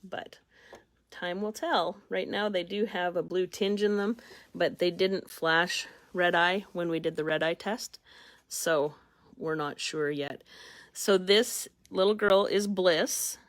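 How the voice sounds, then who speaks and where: A woman breeder talks in a relaxed, folksy way as she shows off young puppies, fond and chatty. Her voice sits a little low for a woman. The sound is dry and close, with no room echo. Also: slow pace. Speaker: dog breeder showing puppies. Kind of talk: casual chat.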